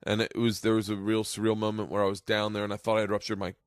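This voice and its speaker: A man in his forties hosting a podcast, telling rambling, excitable stories with plenty of swearing. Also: on the low side, fast talker, smooth, no room sound, clean studio sound. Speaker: podcast host. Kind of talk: casual podcast chat, storytelling.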